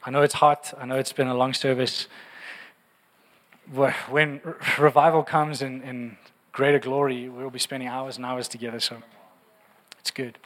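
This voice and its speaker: Animated preacher in a hall. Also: male voice, medium pitch, normal speed, pauses often. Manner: humorous, animated preaching with acted prayers. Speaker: pastor. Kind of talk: sermon. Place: large church hall. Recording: reverberant church hall.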